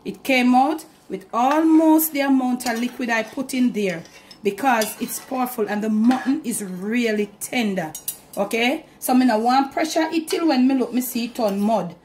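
Jamaican woman, cooking host, high voice, echoey kitchen, faint noise. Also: moderate pace, darkish tone. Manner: chatty, direct to camera, Jamaican Patois mixed in. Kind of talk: home cooking demonstration. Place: home kitchen.

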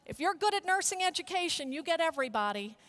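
A middle-aged woman giving a keynote talk at a conference, telling an animated story and leading the audience in call-and-response chants. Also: very high-pitched, quick pace. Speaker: keynote speaker. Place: conference hall stage.

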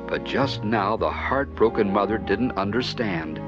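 A man giving scripted narration of a children's Bible story, expressive and animated. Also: fairly low pitch, unhurried. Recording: dull lo-fi with music behind.

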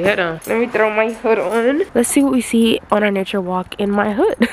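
A woman's voice: a little high, brisk, a little hiss or hum. A woman chatting casually to camera in her vlog as she gets ready at home, talking to herself along the way. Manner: chatty, talks to herself while getting ready. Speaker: vlogger. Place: at home indoors.

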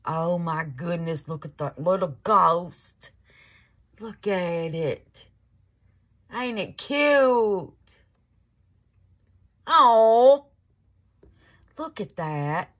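A woman's voice: fairly low pitch, animated, very slow. A woman hosting a casual crafting vlog, gushing over her work and calling viewers baby and y'all. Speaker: resin crafting channel host.

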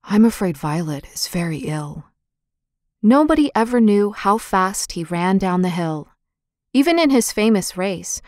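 Brief: woman storybook narrator, steady and expressive, dry studio sound. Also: mid-range voice, dry recording. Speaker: audiobook narrator.

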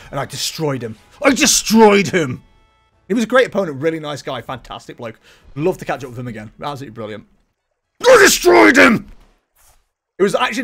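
Chatty man streaming with lively pitch. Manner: chatty, self-mocking, laughs often. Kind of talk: casual live-stream commentary. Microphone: desk microphone, webcam. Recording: music playing faintly behind.

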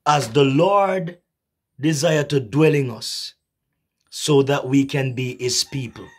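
A man preaching a sermon slowly and emphatically, repeating phrases, with a husky voice and an occasional cough. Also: medium pitch. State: coughing, clearing throat.

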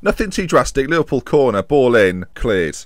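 A young man commentating his own football management game, jokey and self-mocking, swinging between excitement and muttered asides. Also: mid-range voice, moderate pace, no room sound, clean studio sound. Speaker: gaming commentator. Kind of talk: casual gameplay commentary.

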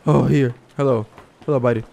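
A Brazilian man with a Brazilian Portuguese accent, excitedly chatting and shouting with other players during an online survival game. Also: medium pitch, fairly quick, creaky. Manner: loud, excitable, shouts and laughs, switches between Portuguese and English. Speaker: gameplay streamer. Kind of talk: excited multiplayer game chat.

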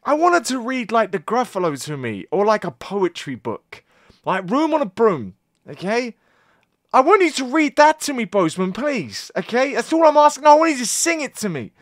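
A British reaction video host giving casual, excitable commentary full of swearing and loud exclamations. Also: mid-range voice, normal speed, dry recording, clean studio sound. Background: song playing faintly.

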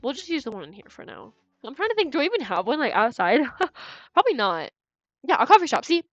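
A woman's voice: high-pitched, very animated, brisk, dry recording, dull audio. A woman streamer giving live game commentary in a chatty, giggly way, thinking aloud and stumbling over repeated words.

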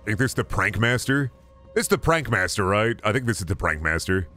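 A man's voice: on the low side, expressive, normal speed, bright, forceful tone, soft background music. A man streaming a game, giving casual, profane, rambling commentary full of absurd jokes.

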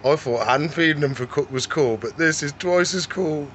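A man hosting a casual vlog from his reptile shop, chatting and gently coaxing the animals. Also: on the high side, normal speed, slight background noise, rough recording. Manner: chatty, coaxes the animals in a soft, doting voice.

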